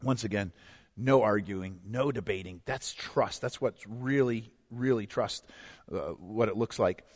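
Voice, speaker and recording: A man preaching a sermon as pastor, swinging from hushed to loud and emphatic and acting out quotes. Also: lowish voice, unhurried. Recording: long echo of a large hall.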